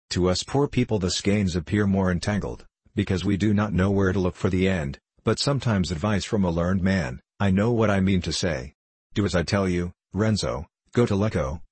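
A man's voice: low voice, a little mellow, slightly rough, dry recording. A man voicing an older village mother who gives advice in a motherly, self-assured way. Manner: motherly, advising.

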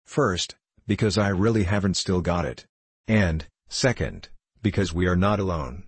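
A man's voice: low-pitched, a little slow, breathy edge, no echo, heavily acted. A man voicing a mild, vague little country priest who speaks simply and apologetically in an audiobook reading. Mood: calmly explaining.

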